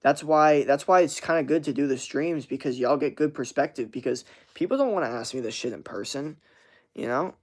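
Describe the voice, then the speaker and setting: A man's voice: medium pitch, a little fast. A man hosting a casual livestream, chatting loosely with lots of slang, swearing and filler words while reading viewer chat aloud. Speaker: livestream host.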